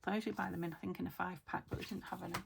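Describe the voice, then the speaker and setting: A woman's voice: on the low side, steady tone, rapid-fire, gravelly, noisy background. A woman casually chatting to herself as she works on a junk journal, thinking aloud and often slipping into a whisper. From United Kingdom. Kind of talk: casual crafting chat.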